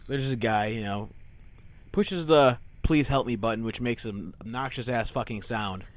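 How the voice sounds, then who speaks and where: A man's voice: medium pitch, moderate pace. A man co-hosting a casual podcast, telling stories in a crude, profane, ranting way. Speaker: podcast co-host.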